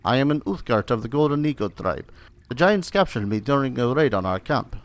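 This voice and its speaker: A man's voice: medium pitch, animated, normal speed, no echo, lightly acted. A man voicing a proud captive barbarian warrior woman. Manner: formal, solemn, put-on accent. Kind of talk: reading game dialogue aloud.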